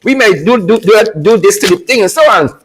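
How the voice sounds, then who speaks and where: A man hosting a political commentary livestream, sarcastic and animated, often laughing and repeating phrases for emphasis. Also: high-pitched, fairly quick, rough recording. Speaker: host.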